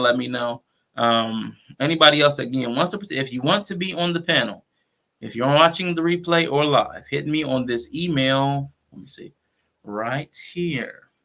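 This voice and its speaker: A man's voice: medium pitch, vocal fry, a bit bright. A man hosting a casual livestream talk show, speaking conversationally with features and restarting his sentences as he thinks aloud. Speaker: show host.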